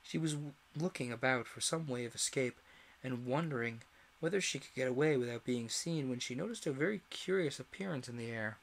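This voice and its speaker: A man reading a classic children's story aloud in an expressive way, with the odd slip. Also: medium pitch, a little fast, vocal fry. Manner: expressive, animated read-aloud with small slips. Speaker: storyteller, streamer.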